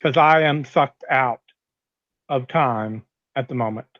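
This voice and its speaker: A man's voice: medium pitch, slow pace, no room sound, lo-fi sound. A man playing a tabletop game, laying out his plan plainly and decisively. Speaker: player.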